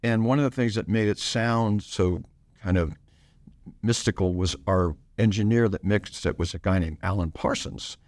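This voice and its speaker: An older man talking as a band musician guest in an interview, easygoing and rambling, with halting restarts as he tells stories. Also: fairly low pitch, darkish tone, dry recording. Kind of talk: relaxed interview storytelling.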